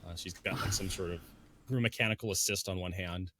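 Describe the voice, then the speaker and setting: A man's voice: low-pitched, steady tone, brisk, noisy background. A man co-hosting a gaming podcast, joking around and explaining game details in casual chat. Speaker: podcast co-host.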